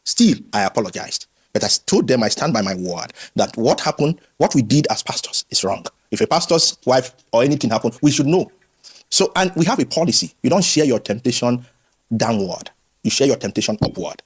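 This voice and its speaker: A man, a former pastor, telling his story candidly in an interview with lively quoted voices. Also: mid-range voice, brisk, breathy edge. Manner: animated storytelling, acts out quoted voices, frequent restarts.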